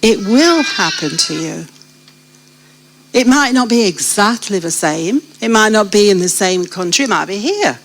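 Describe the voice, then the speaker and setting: A British woman speaks slowly to a church congregation as she tells her testimony. She draws the listeners in with direct questions as the story unfolds. Her pitch sits in an ordinary middle range for a woman. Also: expressive, low-quality recording. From Britain. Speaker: guest sharing her testimony. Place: church gathering.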